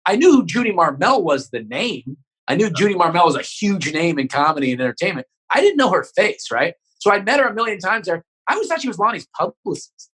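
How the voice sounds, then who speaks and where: Fast-talking bright-voiced comedian, man. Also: high-pitched, sing-song, breathy edge, low-quality recording. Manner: rambling, profane, many restarts. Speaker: comedian podcast guest. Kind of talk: casual storytelling chat.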